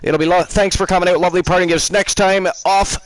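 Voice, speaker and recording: A man's voice: high voice, steady tone, quick pace, dry recording, rough recording. A man hosting a live stream, teasing and rambling through casual banter. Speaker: host.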